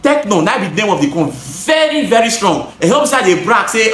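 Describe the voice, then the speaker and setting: High-voiced Nigerian man explaining roofing parts. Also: big pitch swings, fast talker, fairly bright tone, roomy sound. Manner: emphatic, repeats phrases, switches into pidgin. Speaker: gutter installer and seller. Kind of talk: casual product explanation to camera.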